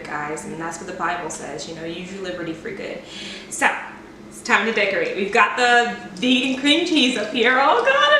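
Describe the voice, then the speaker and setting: A woman's voice: mid-range voice, bright, forceful tone, a little hiss or hum. Chatty woman in an echoey kitchen. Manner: chatty and playful, self-deprecating. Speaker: cooking vlogger. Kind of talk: casual cooking demo chat. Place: home kitchen. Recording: echoey kitchen, mic at a distance.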